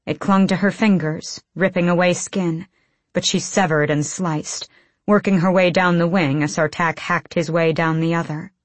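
This audiobook narrator, a woman with a fairly low pitch, reads at a moderate pace with fairly even intonation. Her scripted lines arrive in tense, clipped bursts, recorded without echo.

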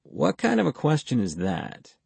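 A man's voice: mid-range voice, huge pitch swings, normal speed, gravelly, darkish tone, husky, dry recording, voice pushed up, heavily acted. Man voicing a terse, guarded ex-army major. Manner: laconic, clipped, dry replies. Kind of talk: audiobook character voice.

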